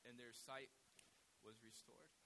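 A man preaching a sermon as a pastor, telling the story with animated delivery and acting out voices and calls. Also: mid-range voice, takes it slowly, rough recording. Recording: hissy recording.

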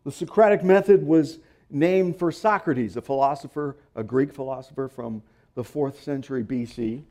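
A man's voice: mid-range voice, moderate pace, a little mellow. A man preaching a sermon as pastor, teaching through a passage and reading scripture aloud with strong emphasis and the odd playful aside.

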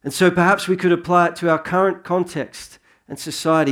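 A man's voice: sits high, fairly even intonation, a little fast, a bit bright. Earnest conversational preacher man. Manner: conversational, earnest, with rising emphasis. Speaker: pastor. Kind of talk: sermon.

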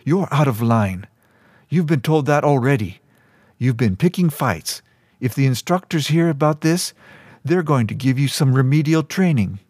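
A man's voice: mid-range voice, animated, normal speed, a little mellow, dry recording, clean studio sound, pitched above the performer's own voice, lightly acted. A man reading a story voices a firm young woman trainee in a raised, scolding tone.

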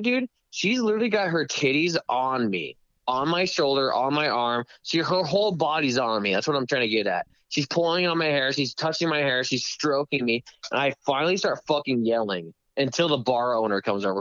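A man casually telling a story, profane and animated, putting on voices for the people in it, heard over a speakerphone. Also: medium pitch, brisk, dry recording. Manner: profane, animated, acts out voices in his stories. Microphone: phone on speakerphone. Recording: dull speakerphone sound.

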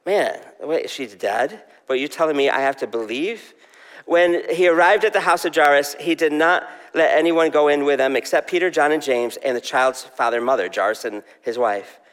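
A man's voice: fairly high pitch, moderate pace, fairly bright tone, in a large hall. A male pastor preaching a sermon in a conversational way, asking the congregation questions.

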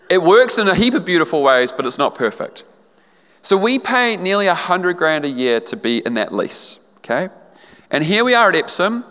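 A man's voice: fairly high pitch, a bit bright. A man with a New Zealand accent, a pastor giving an earnest, conversational sermon in a school hall. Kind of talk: casual sermon announcements. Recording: long hall reverb.

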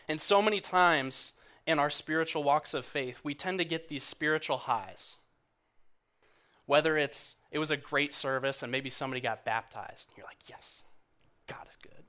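A man preaching in a church, earnest and conversational, going quiet and soft when he quotes others. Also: mid-range voice. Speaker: guest speaker in church. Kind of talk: sermon.

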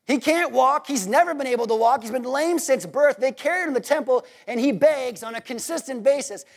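A man preaching a sermon in an animated, worked-up and jokey way. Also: extremely high pitch, a little fast.

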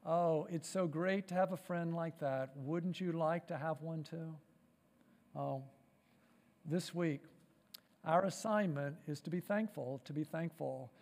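Fervent pastor preaching in a reverberant hall. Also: male voice, on the high side, unhurried, darkish tone. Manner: fervent, rhetorical questions, repeated "listen" and "right?". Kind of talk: sermon. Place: church sanctuary.

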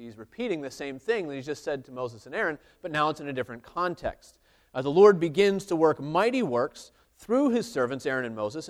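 Earnest man preaching a sermon. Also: fairly high pitch. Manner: earnest expository preaching with frequent restarts, reading scripture aloud. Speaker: pastor.

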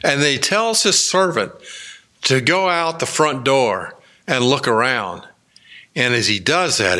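Slow, bright-voiced preacher man. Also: medium pitch. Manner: slow, conversational storytelling with many fillers. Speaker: pastor. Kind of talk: sermon.

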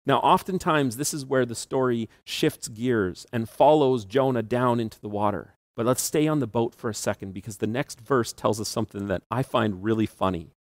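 A man preaching a sermon in a chatty storytelling manner, breaking into small laughs as he retells the tale. His voice sits at an ordinary middle pitch. The sound is dry and close, with almost no room echo. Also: normal speed, hardly any pauses. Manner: conversational storytelling with asides and laughs. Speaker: pastor.

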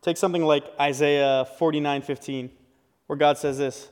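A man's voice: a little high, fairly even intonation, moderate pace, smooth. A male pastor giving an earnest, conversational sermon in a church, often restarting his phrases as he builds a point. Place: church sanctuary. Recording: long hall reverb.

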